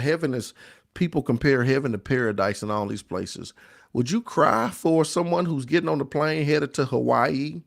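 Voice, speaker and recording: Gravelly man talking grief with viewers. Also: fairly high pitch. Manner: repetitive, emphatic, preacherly, reads out viewer comments. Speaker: host of a grief support show. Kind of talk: live-stream talk to viewers.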